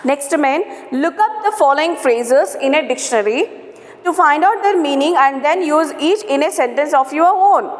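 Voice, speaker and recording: A woman's voice: high voice, lively intonation. A woman, teaching a grammar lesson, repeating words and saying "okay" often. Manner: slow, repetitive, spells out syllables, frequent "okay". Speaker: English teacher. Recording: roomy echo with long reverb.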